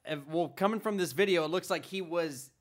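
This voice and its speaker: A man's voice: fairly high pitch, fairly quick. A man co-hosting a casual podcast, telling a story in a rambling way with lots of uhs and laughs. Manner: laughs often, rambling, says uh a lot. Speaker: podcast co-host.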